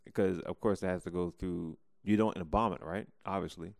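A young man with a low, gravelly voice chats casually on a podcast, laughing and joking as he goes. His pitch swings widely, and the sound is dry and close. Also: steady tone, brisk, a little mellow, no echo. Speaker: podcast co-host. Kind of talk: casual chat.

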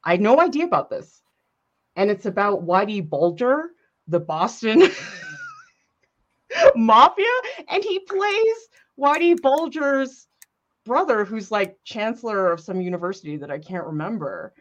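A woman in casual chat while painting, animated and giggly, talking about her work. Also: fairly high pitch, a little slow, muffled recording. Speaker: co-host.

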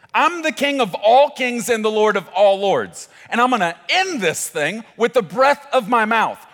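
A man's voice: very high-pitched, long reverb tail, voice pushed up, exaggerated voice. A man voicing a gloating, triumphant king. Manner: loud, gloating and declamatory. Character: triumphant male king taunting his enemy.

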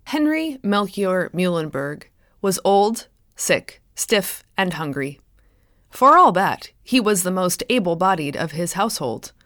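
A woman author reading her own short story aloud in a measured, expressive way, close to the mic. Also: fairly low pitch, no room sound.

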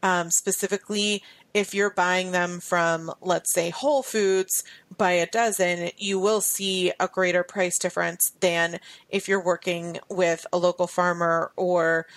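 A woman co-hosting a podcast in casual chat, chatty and quick to laugh. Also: fairly low pitch, level tone, no room sound. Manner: chatty, laughs often, trails off. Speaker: podcast co-host.

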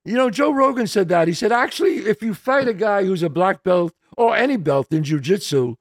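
A man's voice: high-pitched, expressive, brisk. A man hosting a podcast, chatting casually with his guest and often chiming in to agree. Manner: encouraging, frequent short agreements. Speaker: podcast host. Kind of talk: casual interview chat.

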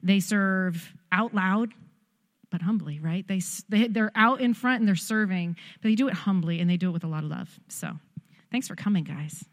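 A woman's voice: medium pitch, normal speed, big-room sound. A woman church leader introducing visiting guests in a thankful, chatty way. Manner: warm, thankful, chatty with fillers.

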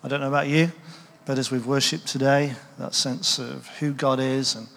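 A man's voice: medium pitch, fairly even intonation, normal speed, creaky, fairly bright tone. A man preaching a sermon in a conversational way, with rhetorical questions to the congregation. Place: church hall. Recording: long hall reverb from a church PA.

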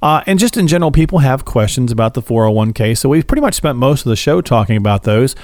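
A man's voice: medium pitch, animated, quick pace, darkish tone, no echo. A man hosting a radio finance show, chatty and jokey, laughing easily. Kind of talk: casual radio talk show chat.

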